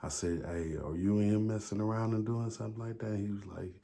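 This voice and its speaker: A man's voice: fairly low pitch, fairly even intonation, brisk, creaky, warm tone. A man telling a story in a loose, casual way, swearing freely and acting out the back-and-forth of conversations. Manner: loose, profane retelling full of quoted back-and-forth.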